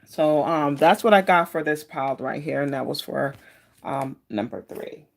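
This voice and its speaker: With a low-pitched voice marked by vocal fry, this tarot card reader talks at a moderate pace on her live stream. Her manner is chatty and wandering, friendly and casual, and she calls out viewers by name.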